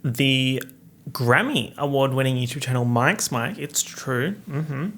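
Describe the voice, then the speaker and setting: A young man hosting a casual solo podcast, joking in a campy, sarcastic way with big swings in pitch, speaking into a studio microphone. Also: unhurried, fairly bright tone. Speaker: podcast host.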